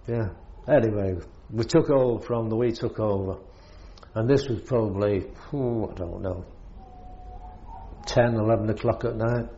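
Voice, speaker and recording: A man's voice: on the low side, unhurried, gravelly, pauses often, dark tone, muffled recording. Older British man, war veteran, rambling storyteller who chuckles a lot, faint hiss behind. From Britain. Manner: rambling, chuckles often while telling. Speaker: war veteran recounting service. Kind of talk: oral history storytelling.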